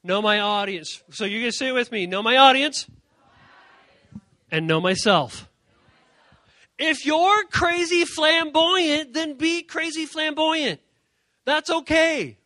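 High bright-voiced man preaching to youth. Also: takes it slowly, pauses often, dry recording. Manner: animated, acts out quoted voices, repeats key points. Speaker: youth speaker. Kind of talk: energetic youth sermon.

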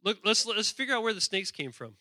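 A man preaching a lively sermon, reading scripture aloud with playful asides and calling on the congregation to respond. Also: sits high, fast talker, no echo, clean studio sound. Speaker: pastor.

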